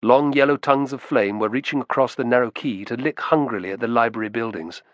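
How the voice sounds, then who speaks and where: A man narrating a historical novel in an expressive storytelling style. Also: medium pitch, fast talker, dry recording, muffled recording. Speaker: audiobook narrator. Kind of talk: scripted narration.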